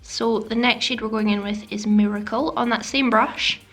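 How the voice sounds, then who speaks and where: A woman's voice: fairly high pitch, fairly even intonation, normal speed, a bit bright. A woman narrating a makeup tutorial voice-over, chatty and self-deprecating, sometimes dropping to a whisper. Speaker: beauty vlogger. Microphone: voice-over mic.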